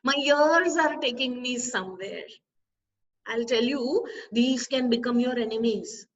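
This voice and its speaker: A woman, a spiritual teacher, giving an expressive discourse full of rhetorical questions to her listeners. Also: fairly high pitch. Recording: distant, slightly dull recording.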